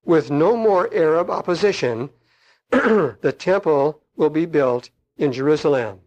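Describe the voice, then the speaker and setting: A middle-aged man preaching on prophecy, reading aloud and commenting in a slow, emphatic way with frequent fillers. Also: a little high, lively intonation, darkish tone, highs cut off.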